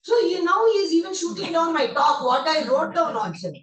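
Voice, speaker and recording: A woman's voice: very high-pitched, brisk. Older woman telling a story. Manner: animated, emotional retelling of memories. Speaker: guest speaker. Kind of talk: devotional storytelling talk. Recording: roomy hall, distant mic.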